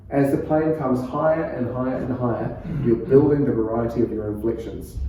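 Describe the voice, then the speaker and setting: A pastor with a New Zealand accent, teaching a preaching workshop in a calm, conversational way and laughing often. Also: male voice, medium pitch, slight background noise. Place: church hall. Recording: echoey room, far from mic.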